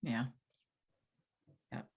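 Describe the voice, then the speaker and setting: A woman's voice: extremely slow, darkish tone. A middle-aged woman co-hosting a spiritual podcast, talking casually and musing aloud with many restarts. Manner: rambling, restarts thoughts, muses aloud. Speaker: podcast co-host and coach.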